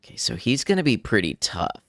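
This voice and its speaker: A man's voice: mid-range voice, big pitch swings, a little fast, no echo, clean studio sound. A man casually commenting on his game as he plays, thinking aloud and chuckling often. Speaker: gaming streamer. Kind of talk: casual let's-play commentary.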